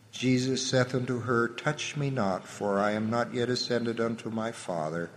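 A man giving a solemn, measured scripture reading, letting his voice drop at the ends of phrases. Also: mid-range voice, a bit bright. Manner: measured, reverent delivery with the voice dropping at phrase ends. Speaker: scripture reader. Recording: long hall reverb.

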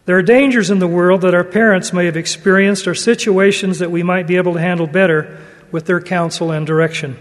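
A man gives an earnest sermon, his voice notably high for a man and his delivery measured. Each phrase trails off into the long reverb of a large hall. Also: steady tone. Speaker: religious speaker. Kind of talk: sermon with read-aloud story.

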